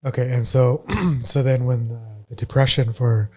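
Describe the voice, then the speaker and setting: Guy hosting a podcast, warm mellow tone, asks thoughtful questions. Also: medium pitch, flat delivery, moderate pace. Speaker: podcast host. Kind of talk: casual interview.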